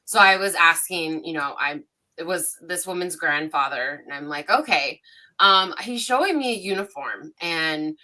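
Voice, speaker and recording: A woman's voice: on the low side, normal speed. A woman psychic medium telling stories casually on a livestream panel, acting out dialogue in a rising voice. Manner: animated, acts out dialogue with rising voice.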